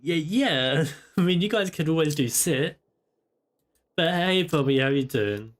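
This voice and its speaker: A man's voice: a little high, lively intonation, measured pace. A man streaming a video game, chatting playfully and teasing in-game characters, often repeating himself. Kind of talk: casual gameplay stream chat.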